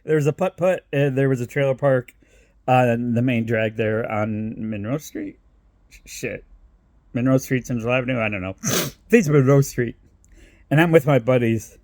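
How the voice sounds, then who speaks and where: A man's voice: medium pitch, normal speed, darkish tone, no room sound, clean studio sound. A man from Toledo, Ohio telling rambling personal stories in a casual vlog, laughing often, swearing freely and doubling back on himself.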